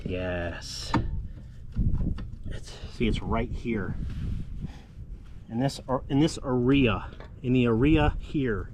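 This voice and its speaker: A man's voice: mid-range voice, animated, slow pace, pauses often. A man hosting a casual car restoration vlog, talking to viewers in a chatty, jokey way while he works outdoors in a yard. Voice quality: deaf in one ear. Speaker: car restoration channel host. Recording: wind and work noise outdoors.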